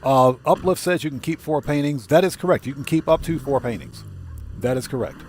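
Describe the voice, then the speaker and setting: Guy streaming a game, mid-pitch, loose and chatty, keeps chuckling while he answers chat. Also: expressive, a little fast, a little hiss or hum. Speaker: livestream gamer host. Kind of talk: casual livestream commentary.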